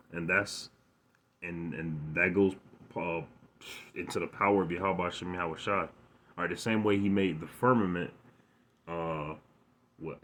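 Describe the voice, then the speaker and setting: Deep-voiced guy doing a casual bible talk on his phone, stutters and restarts a lot. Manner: halting, repeats words, stammers when excited; reads verses aloud with more force. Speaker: scripture teacher. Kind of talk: informal scripture lesson.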